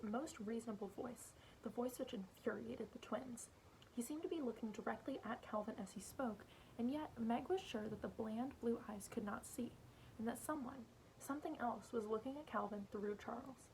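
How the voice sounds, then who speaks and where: A woman teacher reading a novel aloud to her students in an expressive storytelling manner. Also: fairly high pitch, fairly quick, creaky, a little hiss or hum, poor audio.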